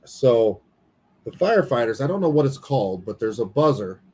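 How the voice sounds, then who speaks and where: A man's voice: mid-range voice, big pitch swings, normal speed, darkish tone, breathy edge, rough recording. A man co-hosting a paranormal podcast, telling a story in casual chat and quoting people as he goes, swearing now and then. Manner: candid, swears casually, retells dialogue.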